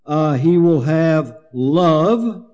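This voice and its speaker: Male preacher, unhurried verse-by-verse teaching, warm and relaxed tone, slightly raised pitch. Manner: slow, halting, many fillers and restarts. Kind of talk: sermon, Bible exposition.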